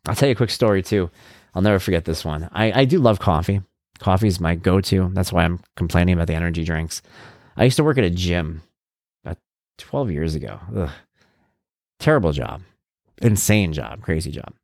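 A man's voice: low voice, brisk, no echo, clean studio sound. A middle-aged man and parent, a podcast host telling casual stories in a monologue and acting out the voices of people he quotes. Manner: animated, acts out quoted voices.

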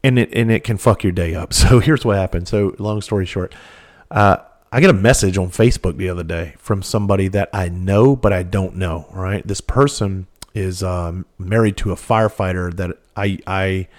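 Low-voiced man telling a blunt story. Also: normal speed. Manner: candid, profane, rambling with restarts. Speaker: podcast host. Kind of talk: casual storytelling monologue.

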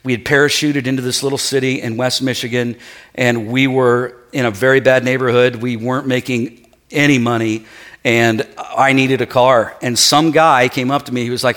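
A middle-aged man preaches a sermon to his church. His voice sits in an ordinary middle register. He tells stories with lively acted-out quotes, then settles into quieter, earnest exhortation. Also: mid-range voice, moderate pace. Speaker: pastor.

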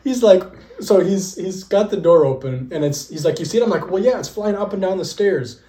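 A young podcast co-host with a high-sitting voice talks fairly quickly over a noisy background in an echoey room. He tells stories casually, laughing often and acting out quoted lines with lively energy.

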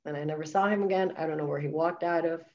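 A woman's voice: deep voice, fairly even intonation, quick pace, a little mellow, lo-fi sound. A woman guest, a wellness coach, telling her personal story candidly in conversation, emphatic and full of filler words and restarts.

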